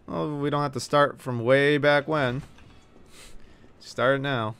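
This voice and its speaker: A man's voice: medium pitch, slow pace, pauses often, clean tone. A man giving casual let's-play commentary, cheering, yelping and scolding game characters as he plays. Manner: excitable, yelps and cheers at the game. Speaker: gaming streamer.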